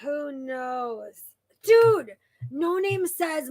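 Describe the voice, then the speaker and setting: A woman's voice: on the high side, slow, a little mellow, no room sound. A young adult woman hosting a casual commentary stream, blunt and profane, reading out and answering viewer comments. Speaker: commentary channel host.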